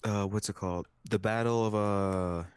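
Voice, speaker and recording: A man's voice: on the low side, fairly even intonation, moderate pace, smooth, no echo. A man chatting casually with friends while gaming, opinionated and rambling, trailing off with fillers.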